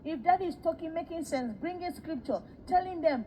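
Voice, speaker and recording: A woman preacher with a bright, high-pitched voice, delivering a testimony sermon about a vision. She tells the story with animation, slipping into the voices of the people in it and doubling her words for emphasis. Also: brisk, slight background noise, poor audio. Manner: animated storytelling, acts out quoted dialogue.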